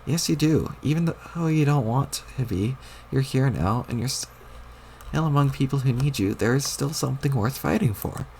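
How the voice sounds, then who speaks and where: A man's voice: mid-range voice, lively intonation, moderate pace, creaky, darkish tone, slight background noise. A man reading a webcomic aloud, putting on the voice of a bossy, exasperated young girl who scolds and swears. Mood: earnest.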